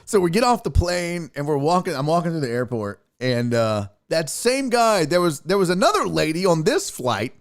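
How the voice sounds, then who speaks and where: Animated, profane young man telling stories. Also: a little high, normal speed, few pauses. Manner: profane, animated, laughs often. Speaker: podcast host. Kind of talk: casual storytelling.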